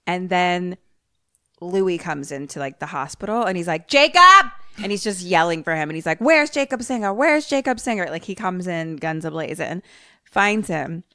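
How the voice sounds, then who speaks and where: A woman's voice: lowish voice, moderate pace, no echo, studio quality. A woman co-hosting a podcast in casual chat, rambling as she recaps a film and breaking into raised voices when she quotes characters. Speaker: podcast co-host.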